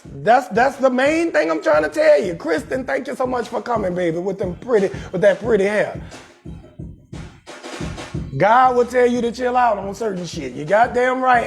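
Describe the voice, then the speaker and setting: This is a young man with a strikingly high voice, holding court as host of his own livestreamed talk show. He delivers crude comic advice in a loud, brash stream and greets viewers in his chat by name. Soft music plays faintly behind him. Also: expressive, moderate pace, gravelly. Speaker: comedian hosting a live talk show. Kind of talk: profane comedic advice monologue on a livestream.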